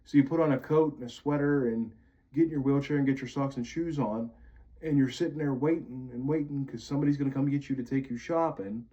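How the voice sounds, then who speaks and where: A man's voice: mid-range voice, fairly quick, mellow. Vlogger, man from Pennsylvania, angry profane monologue, muffled lo-fi audio. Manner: bitter, profane ranting. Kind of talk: venting monologue to camera.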